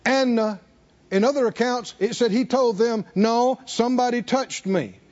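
A man's voice: very high voice, normal speed, dull audio. A man preaching a sermon in a church, calling on the congregation to answer back. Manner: animated call-and-response preaching. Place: church sanctuary.

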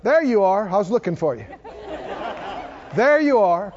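High, lively preacher in a reverberant hall. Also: male voice, normal speed, some chatter behind. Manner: call-and-response, coaxing the congregation, rising to shouts. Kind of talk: sermon. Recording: dull sound with long hall reverb.

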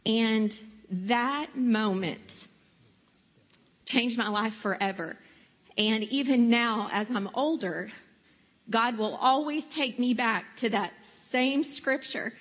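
A woman giving a heartfelt personal testimony, slowing down for emphasis. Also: fairly high pitch, fairly bright tone. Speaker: church member sharing testimony. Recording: dull recording in a reverberant hall, faint music.

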